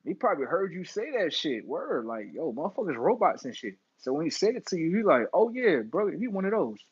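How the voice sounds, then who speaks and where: A young man, hosting a casual livestream monologue, animated and full of slang, swinging between loud bursts and mumbles. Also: a little high, brisk, breathy edge, no echo, highs cut off. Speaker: livestream host.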